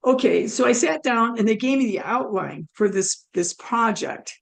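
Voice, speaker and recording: A woman's voice: fairly high pitch, normal speed, vocal fry. A woman telling a personal story in a chatty, self-amused way as a guest in a conversation.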